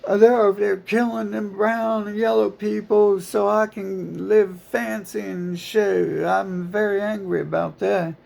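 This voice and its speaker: A man putting on the high, strained voice of a whiny, self-pitying complainer. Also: little pitch movement, measured pace, vocal fry, hardly any pauses, darkish tone, heavily acted. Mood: whining. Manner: high, strained mocking whine.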